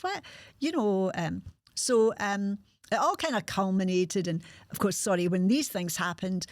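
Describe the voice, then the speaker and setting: A woman's voice: medium pitch, no room sound, studio quality. Frank Glaswegian woman in her sixties. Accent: Glasgow. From Scotland. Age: 60s. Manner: frank and unguarded, with halting restarts. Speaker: podcast host. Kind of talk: candid personal storytelling.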